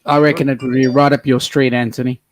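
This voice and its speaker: A man's voice: mid-range voice, level tone, quick pace, no echo. A man with an Australian accent in casual chat, teasing the others with dry jokes. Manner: joking, teasing banter.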